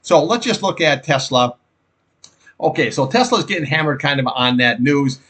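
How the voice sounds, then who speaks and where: A man's voice: on the high side, lively intonation, normal speed, fairly bright tone. Blunt opinionated man walking through stock charts. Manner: blunt, opinionated, repeats words for emphasis. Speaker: stock market analyst. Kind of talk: casual chart analysis commentary.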